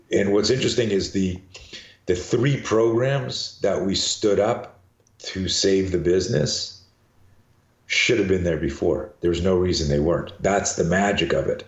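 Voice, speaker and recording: Deep-voiced older man, chatty coach. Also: reverberant, highs cut off. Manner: chatty, repeats words while thinking. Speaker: guest, self-defense coach. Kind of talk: casual interview. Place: garage.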